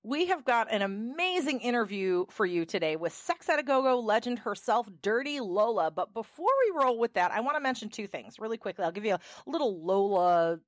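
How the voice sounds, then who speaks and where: American woman, podcast co-host, lively pitch, dry close sound, giggly, playful. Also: brisk, hardly any pauses, dry recording. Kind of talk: casual podcast chat and ad reads.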